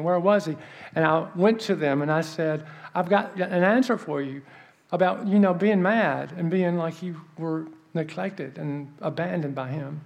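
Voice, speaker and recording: A man giving a sermon as an earnest, animated story, dropping soft for emphasis. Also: fairly high pitch, vocal fry. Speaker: preacher.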